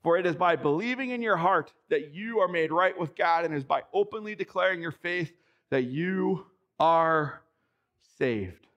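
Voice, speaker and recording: A male pastor delivering a sermon, reading scripture aloud and preaching with emphatic, excitable bursts. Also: fairly high pitch, normal speed, lo-fi sound. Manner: reads scripture passages aloud.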